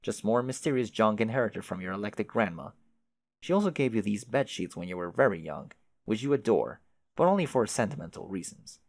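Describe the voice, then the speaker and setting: A man's voice: lowish voice, expressive, fairly quick, darkish tone. A man reading a webcomic aloud with casual, wry commentary and the odd swear word. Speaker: webcomic reader.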